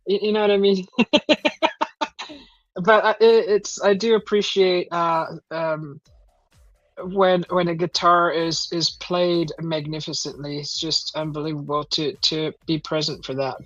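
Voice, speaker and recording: A woman's voice: fairly low pitch, flat delivery, unhurried, no echo. A woman hosting a casual live stream from home, reading out chat messages and rambling with many fillers and restarts. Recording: dull lo-fi stream audio.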